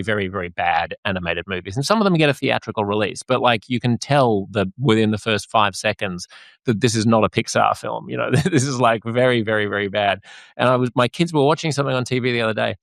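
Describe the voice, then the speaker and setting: A man's voice: medium pitch, animated, quick pace, vocal fry, fairly bright tone, no room sound. A man hosting a podcast interview, chatty and jokey, often laughing as he talks. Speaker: podcast host. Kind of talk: casual interview chat.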